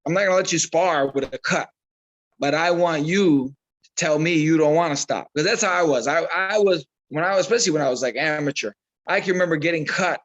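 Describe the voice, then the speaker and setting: A man, a boxing trainer, telling animated stories in a casual interview and repeating himself as he goes. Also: fairly high pitch, fairly quick, dull audio. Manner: animated storyteller, repeats himself, acts out quotes.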